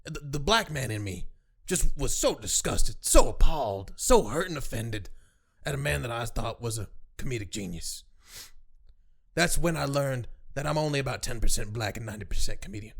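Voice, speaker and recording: A young man co-hosting a podcast in casual chat, joking and laughing, swinging from low mumbles to loud silly voices. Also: animated, normal speed, gravelly, husky. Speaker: podcast co-host.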